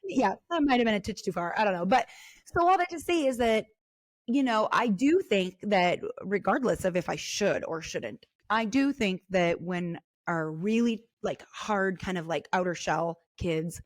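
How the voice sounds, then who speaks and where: A middle-aged woman co-hosting a casual faith podcast, talking in a chatty, animated way with lots of fillers. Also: mid-range voice, moderate pace, no echo. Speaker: podcast co-host.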